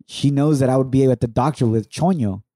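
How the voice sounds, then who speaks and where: A man's voice: medium pitch, brisk, dark tone, no echo. A man in his thirties sharing an emotional personal testimony on a podcast, reflective and heartfelt, mixing in Spanish words. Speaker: podcast co-host.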